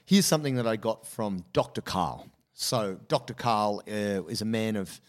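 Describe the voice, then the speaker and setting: A man, co-hosting a podcast in casual chat and telling an animated story, acting out the voices of the people in it. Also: fairly low pitch, moderate pace. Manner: animated storyteller, acts out quoted dialogue. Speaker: podcast co-host.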